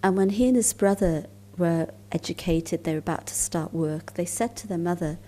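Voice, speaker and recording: A woman speaking to a conference audience as a spiritual teacher, her voice mellow and a little low. She tells her stories calmly and at an easy pace, sometimes dropping to soft, breathy near-whispers. A faint hum sits in the background. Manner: calm, unhurried storytelling with soft near-whispered asides. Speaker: spiritual teacher giving a talk. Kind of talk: storytelling lecture at a conference.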